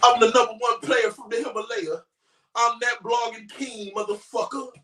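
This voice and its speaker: A man giving a brash, profane commentary on a crime story on his YouTube channel, often shouting. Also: extremely high pitch, steady tone, moderate pace, far from the mic, slight background noise. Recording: roomy echo, voice away from mic.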